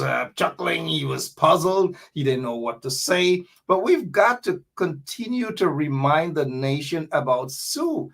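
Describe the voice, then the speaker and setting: A man's voice: a little high, expressive, unhurried, vocal fry, hardly any pauses, a bit bright. Chatty Guyanese man hosting a talk show. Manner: rambling, chatty, many fillers. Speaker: radio talk show host. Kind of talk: radio talk show monologue.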